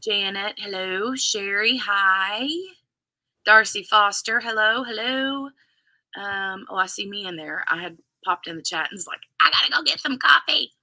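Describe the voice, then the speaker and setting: Woman, livestream host, very bright sharp tone, close dry sound, chatty, greets viewers by name. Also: medium pitch, measured pace, no room sound. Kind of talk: casual live chat.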